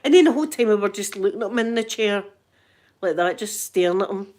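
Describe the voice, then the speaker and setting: A middle-aged Scottish woman and grandmother chatting in a casual ASMR vlog, animated and laughing often. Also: mid-range voice, fast. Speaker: vlogger and grandmother.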